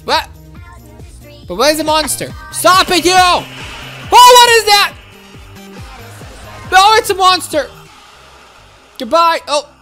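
A woman giving excitable, childlike gameplay commentary while speaking as her game character. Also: high voice. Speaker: game streamer.

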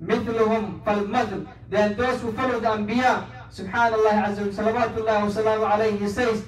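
A man with a Somali accent delivers a Friday sermon at a quick clip, his voice pitched high. He sounds some distance from the microphone, and the prayer hall echoes around him. He talks earnestly, moving between English and recited Arabic. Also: fairly even intonation. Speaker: preacher giving a Friday sermon.

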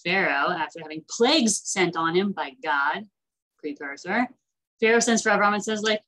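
Low-voiced woman teaching an online class. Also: normal speed, poor audio. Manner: chatty, animated retelling with voices.

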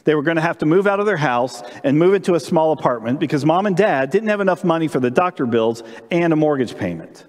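Brief: lively male pastor, sermon storytelling, big church reverb. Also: a little high, quick pace, few pauses. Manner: animated storyteller, asks congregation questions. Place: church sanctuary during live-streamed service.

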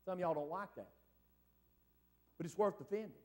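A man's voice: sits high, a little fast. A middle-aged man preaching a folksy revival sermon in a church, calling out for amens from the congregation. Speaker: evangelist. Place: church service.

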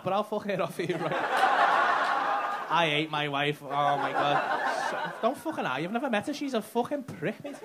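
A man doing cheeky, sweary crowd work on stage at a comedy club. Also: sits high. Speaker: stand-up comedian. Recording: live club recording with crowd noise. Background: loud audience laughter.

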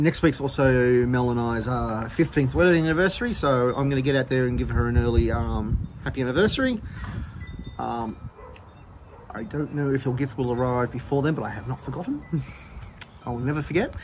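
A man at home talks through a cocktail tasting for his whisky channel, mid-pitched and easygoing. He pauses often with ums as he gathers his thoughts. A faint hum sits behind his voice. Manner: relaxed, hesitant with frequent ums. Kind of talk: casual tasting commentary.

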